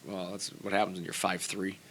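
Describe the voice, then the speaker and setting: A man's voice: sits low, little pitch movement, fairly quick, fairly bright tone, a little hiss or hum. A man hosting a podcast in casual chat, rambling and packing his talk with fillers like "you know" and "like". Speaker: podcast host.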